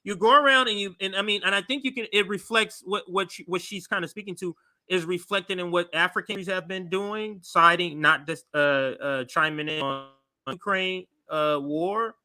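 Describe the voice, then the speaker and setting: A man's voice: high-pitched, normal speed, bright, forceful tone. A man in casual political chat, starting and restarting his sentences as he thinks aloud.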